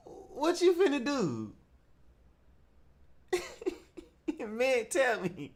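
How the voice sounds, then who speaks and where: A man hosting a comedic commentary show, mocking and laughing often, in a slang-heavy voice that jumps around in pitch. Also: huge pitch swings, very slow, pauses often.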